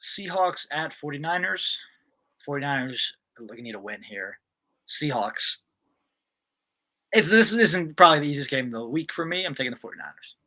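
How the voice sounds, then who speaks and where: A man with a bright, forceful tone co-hosts a relaxed football picks chat. He is brisk and decisive as he runs down the list of games. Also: a little high. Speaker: co-host. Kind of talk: casual sports picks chat.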